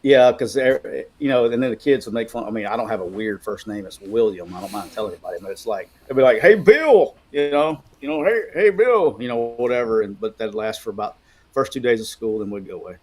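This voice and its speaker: A man's voice: lowish voice, fast. A middle-aged man from Alabama co-hosting a casual sports chat, telling rambling stories full of restarts. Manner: rambling, animated storytelling with restarts. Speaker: co-host.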